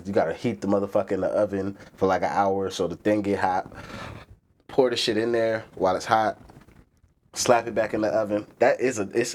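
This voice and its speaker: Low-voiced man ranting casually on stream. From East Coast US. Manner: profane, animated, rants and reads chat aloud. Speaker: livestream host. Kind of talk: casual live stream chat.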